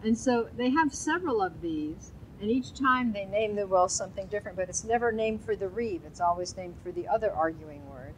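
A woman's voice: medium pitch, brisk, hardly any pauses, a little hiss or hum, rough recording. A woman teaching an informal Hebrew Bible lesson, chatty and quizzing her class. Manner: chatty, asks the class questions, loose asides.

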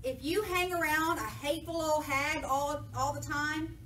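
Bright-voiced woman preaching from afar. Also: high-pitched, unhurried. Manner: lively, jokey, acts out voices of people in the story. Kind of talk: sermon with playful paraphrase. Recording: echoey church from a distance, faint noise.

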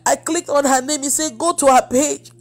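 A woman's voice: sits high, fairly even intonation, moderate pace. A woman preacher giving an emotional testimony, acting out the dialogue as she tells it. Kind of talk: testimony sermon.

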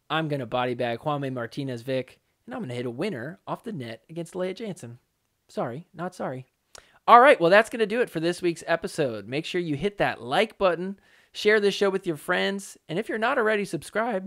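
A man's voice: a little high, fairly bright tone. A man hosting a solo pickleball commentary podcast, talking casually and joking around. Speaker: podcast host.

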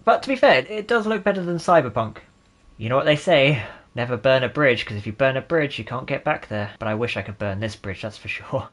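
A man's voice: medium pitch, lively intonation, fairly quick, a bit bright. A man in his twenties giving sarcastic, jokey let's-play gaming commentary and laughing often. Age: 20s. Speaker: gaming channel host.

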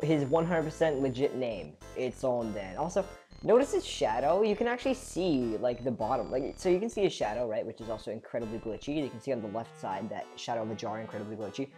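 A woman giving chatty, excitable gameplay commentary as a let's play host. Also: very deep voice.

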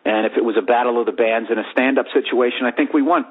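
A man's voice: medium pitch, fast talker. A man in his forties telling a profane, comedic story on his podcast and acting out the other people in it. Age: 40s. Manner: profane, animated, acts out voices in the story. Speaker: podcast host. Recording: tinny phone-like sound.

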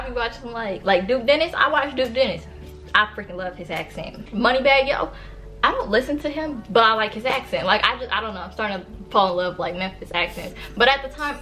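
A woman's voice: fairly high pitch, sharp tone. A woman in her early twenties from Sacramento tells a casual storytime, talking straight to her viewers with lots of fillers. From Sacramento, California. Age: early 20s. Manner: chatty, filler-heavy, addresses viewers as y'all. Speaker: vlogger.

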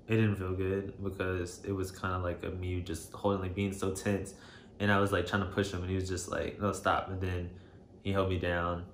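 A man telling a personal story to camera, shaken and emotional, halting and hesitant with many fillers. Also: low-pitched. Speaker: vlogger. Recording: roomy echo, faint background noise.

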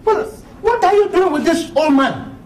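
A man's voice: very high-pitched, animated, moderate pace, roomy sound, background noise. A man playing an indignant father who barks orders at a suitor in a comedy film. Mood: angry. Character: stern angry father chasing off a suitor. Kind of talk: Nollywood comedy film acting.

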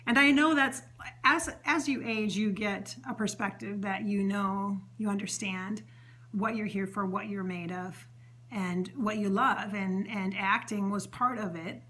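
Bright-voiced woman rambling through a channeling session. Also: medium pitch, a little slow. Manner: rambling, chatty, with many fillers and restarts; earnest and emotional, relaying what a spirit says. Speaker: psychic medium host. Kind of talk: spontaneous channeling session monologue.

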